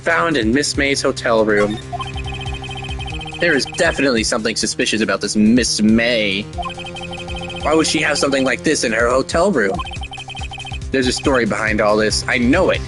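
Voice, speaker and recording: A man's voice: mid-range voice, lively intonation, normal speed, long pauses, pitched below the performer's own voice, close to an everyday voice. A man voicing an earnest, determined young male defense lawyer in inner monologue, over game music. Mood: curious. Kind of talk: voice acting a game playthrough.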